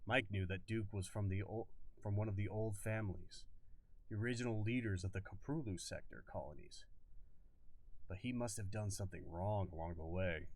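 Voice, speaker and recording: A man's voice: lowish voice, moderate pace, distant mic. A man reading a novel aloud on a live stream, stumbling and rereading lines now and then. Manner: stumbles and rereads, comments on himself.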